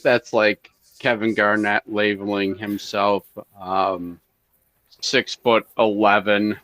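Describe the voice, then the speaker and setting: A man in casual chat with friends, talking haltingly and correcting himself as he goes. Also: fairly low pitch, little pitch movement, a bit bright, dry recording. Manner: halting, backtracks mid-sentence.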